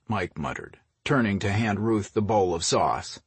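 A male audiobook narrator reading in a steady, even storytelling manner. His voice is low and husky. It is recorded dry and close, with no room sound. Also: normal speed, few pauses, dry recording. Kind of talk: scripted narration.

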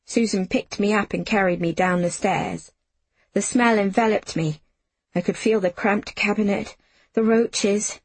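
A woman reads a novel aloud in the first person, unhurried and measured. Her voice is slightly husky and she takes her time over every line. The sound is dry and close, with no room around it. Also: mid-range voice, steady tone, no echo. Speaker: audiobook narrator. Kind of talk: first-person audiobook narration.

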